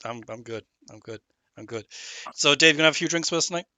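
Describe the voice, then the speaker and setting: A man with a very bright, fairly high voice hosts a live sim racing broadcast from home. He keeps the banter jokey and upbeat. The sound is dry and close. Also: fast talker, no room sound. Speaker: race broadcast host. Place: home setup on a remote call.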